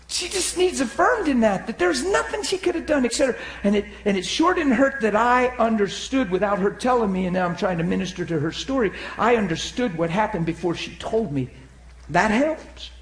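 Echoey, animated male preacher telling stories. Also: sits high, moderate pace. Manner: animated, acts out quoted voices, swings from loud to hushed. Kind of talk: sermon storytelling. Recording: echoey room.

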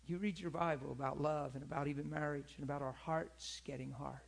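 A male preacher with a husky voice that sits a little high. He talks through his sermon in an earnest, conversational way and often turns to the listeners for agreement. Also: fairly even intonation, a little fast. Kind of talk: sermon with personal story.

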